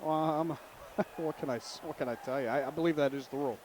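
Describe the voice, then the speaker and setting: Chatty play-by-play man, bit high. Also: fast talker, a little mellow, a little hiss or hum. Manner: chatty, jokey, calls the plays. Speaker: play-by-play announcer. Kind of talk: local sports commentary.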